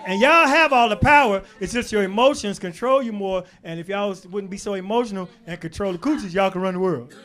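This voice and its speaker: High-voiced man doing stand-up. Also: a little fast, hardly any pauses. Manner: loud, crowd-working, swings between shouting and low asides. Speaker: stand-up comedian. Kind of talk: stand-up comedy set. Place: comedy club stage before a laughing crowd. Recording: live club recording with crowd laughter. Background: audience laughter.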